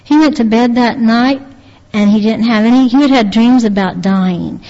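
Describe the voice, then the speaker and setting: A woman's voice: a little high, mellow. Earnest woman preaching in a reverberant hall. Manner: earnest, halting, with frequent restarts. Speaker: lay preacher retelling a testimony. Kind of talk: devotional storytelling. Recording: long reverb, dull lo-fi sound.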